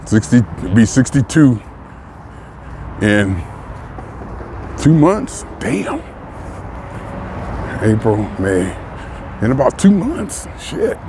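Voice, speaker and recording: A man in his early sixties talks bluntly in a relaxed vlog monologue, often breaking into a chuckle. His voice sits at an ordinary pitch. He is out walking, with faint traffic heard behind him. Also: takes it slowly, long pauses. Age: 60s. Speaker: vlogger. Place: outdoors, walking.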